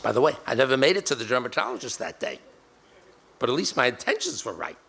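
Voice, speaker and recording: A man's voice: mid-range voice, huge pitch swings, fast talker, creaky, fairly bright tone, husky. An older man telling a personal story emphatically, acting out the dialogue he quotes.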